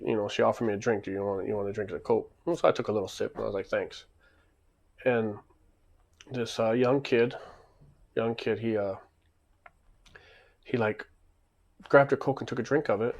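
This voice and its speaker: A man's voice: mid-range voice, gravelly. A man casually telling a rambling story, acting out the back-and-forth.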